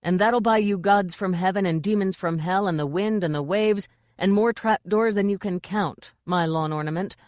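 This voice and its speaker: A woman's voice: medium pitch, a little mellow, no room sound, studio quality, lightly acted. A woman voicing a shrewd, businesslike male troupe manager. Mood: firm. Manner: firm, brisk, businesslike.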